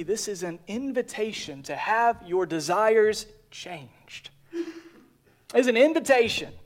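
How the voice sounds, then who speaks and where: A man's voice: sits high, a bit bright. A male preacher delivering a sermon, earnest, repeating key phrases and dropping to a near whisper at the ends of lines.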